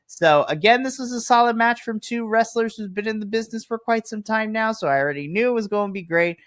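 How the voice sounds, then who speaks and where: A man's voice: high-pitched, quick pace, dry recording, clean studio sound. A man co-hosting a wrestling review podcast, talking casually and acting out what people said as he retells it. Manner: animated, slips into mock dialogue when retelling. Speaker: podcast co-host.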